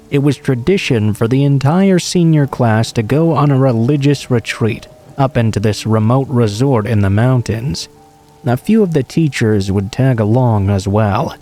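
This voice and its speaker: A man reads scary stories in a calm, even narrator's voice. His tone is dark and mellow, and a steady patter of rain runs behind him. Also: medium pitch, slight background noise. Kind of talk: scripted horror story narration.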